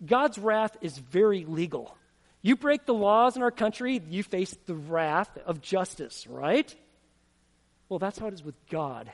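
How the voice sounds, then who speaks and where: Emphatic high-voiced male pastor preaching. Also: expressive, a little slow. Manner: emphatic, asks the congregation questions. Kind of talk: sermon. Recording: long hall reverb.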